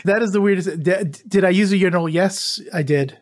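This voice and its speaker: A man's voice: high voice, fairly quick, no echo. Chatty man with a dry close voice. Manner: chatty, laughs often, many restarts. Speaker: podcast co-host. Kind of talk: casual travel chat.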